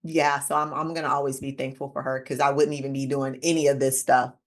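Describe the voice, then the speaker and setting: A woman in her thirties hosting a casual interview, telling a personal story in an animated way and acting out what people said. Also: quick pace. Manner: animated storytelling, acting out quoted lines with big pitch jumps. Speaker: podcast host.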